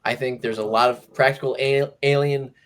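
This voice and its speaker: Animated male movie-review host. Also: medium pitch, normal speed. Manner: animated, jokey, slips into mock voices. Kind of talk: casual movie review chat.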